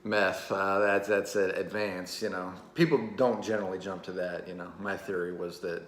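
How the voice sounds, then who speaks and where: Man, low voice, casual solo monologue, halting and rambling, lots of fillers, roomy echo. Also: little pitch movement, fairly bright tone, slight background noise. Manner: rambling, halting, fills every pause with "you know" and "uh". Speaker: channel host.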